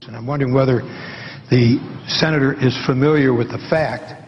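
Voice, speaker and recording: A man speaking as a senator in a formal floor debate, insistently repeating his question in a deliberate manner, heard in an archival broadcast clip. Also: medium pitch, steady tone, slight background noise. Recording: archival broadcast clip with hall reverb, dull audio.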